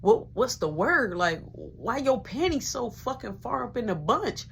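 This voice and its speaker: A woman's voice: fairly high pitch, sing-song, unhurried, creaky, slight background noise. A young adult woman telling a profane, slangy personal story in a casual monologue, dropping into whispers when she quotes people.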